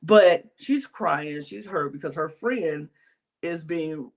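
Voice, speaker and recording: Brief: woman podcast co-host, lively storyteller, casual recap chat. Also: sits low, slow pace. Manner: animated storytelling, retelling scenes.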